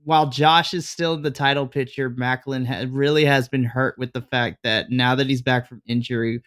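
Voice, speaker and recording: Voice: medium pitch, steady tone, moderate pace, fairly bright tone, clean tone. A podcast co-host in casual chat, laughing often and walking through storylines step by step. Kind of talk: casual wrestling review chat.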